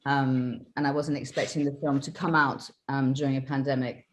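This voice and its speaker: A British woman, a film director, answering interview questions over a video call, thoughtful and pausing with many fillers. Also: extremely low pitch, little pitch movement.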